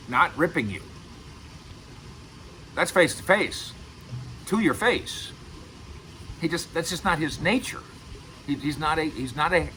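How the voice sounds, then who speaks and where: A man's voice: a little high, bright, forceful tone, slight background noise, poor audio. A middle-aged man giving casual sports commentary to camera as host, emphatic and repeating words for stress. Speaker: sports radio and video host.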